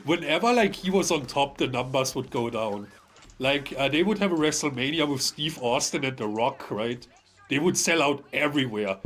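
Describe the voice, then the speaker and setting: A man's voice: medium pitch, lively intonation, moderate pace, fairly bright tone, slight background noise. A man chatting casually on a podcast, rambling through a long story with plenty of fillers, stammers and swearing. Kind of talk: casual chat.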